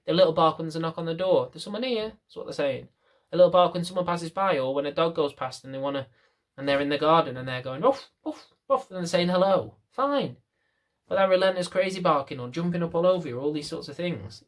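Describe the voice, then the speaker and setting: Speaking quickly in a fairly high voice, a young British man who trains dogs vents to camera. His British English rant is packed with rhetorical questions.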